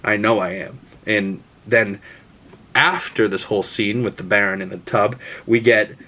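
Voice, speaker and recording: A man giving a casual, spoiler-filled movie review, chatty and excitable, swearing freely as he talks. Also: on the low side, unhurried.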